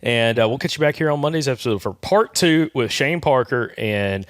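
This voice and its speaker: Male podcast host, folksy and easygoing, medium pitch, dry booth sound. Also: animated, no echo. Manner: folksy, reads aloud haltingly. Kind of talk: casual chat.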